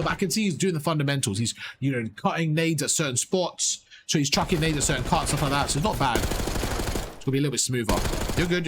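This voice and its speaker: A man's voice: on the high side, noisy background. A man giving live coaching commentary over gameplay, rattling off repeated urgent instructions and talking to his chat. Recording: game gunfire loud behind voice. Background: game gunfire and sound effects.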